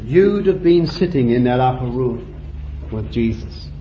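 A man preaching a sermon with deliberate phrasing, climbing to fervent high peaks and then dropping low and quiet. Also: lively intonation, slight background noise. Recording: dull lo-fi sound in a roomy hall.

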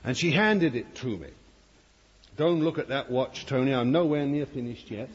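A man's voice: medium pitch, normal speed. A man preaching a fervent sermon to a congregation, with emphatic asides to his listeners. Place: church hall before a congregation. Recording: dull, lo-fi recording with long hall reverb.

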